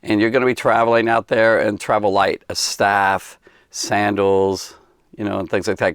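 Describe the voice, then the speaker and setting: A man's voice: fairly low pitch, flat delivery, moderate pace, clean tone, no echo, clean studio sound. A man giving a casual Bible lesson for kids, rambling and conversational with many fillers and restarts. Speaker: Bible teacher.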